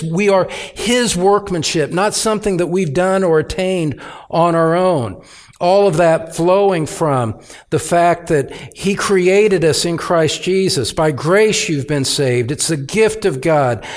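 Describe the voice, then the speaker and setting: A man preaching an expository sermon as pastor, speaking deliberately and with emphatic repetition. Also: a little high.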